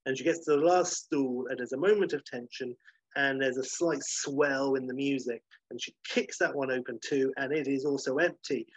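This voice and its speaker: A man narrating an improvised story in an animated, casual way with filler phrases. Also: mid-range voice, normal speed, slightly rough, no echo. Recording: dull lo-fi recording.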